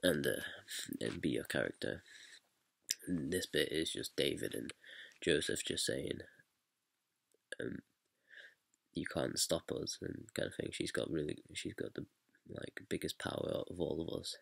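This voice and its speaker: A man's voice: extremely low pitch, animated, a little slow, gravelly, pauses often, a bit bright, breathy edge, no room sound. A man casually explaining how he directed a stage scene, rambling and hesitant with many fillers. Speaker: student director.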